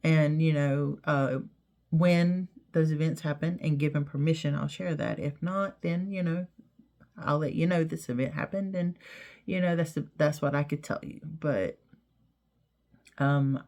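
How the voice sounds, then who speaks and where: Woman, middle-aged, gravelly voice, rambling casual vlog talk, lots of repeats. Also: low voice, a little mellow. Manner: rambling, repeats herself, many "you know"s. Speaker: vlogger. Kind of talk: casual heartfelt talk to camera.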